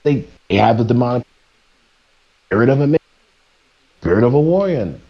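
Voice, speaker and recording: Ranting preachily to his live chat, a man streams in a mid-range voice with lively intonation and a brisk pace. He stumbles and restarts as he presses his points. The recording sounds muffled.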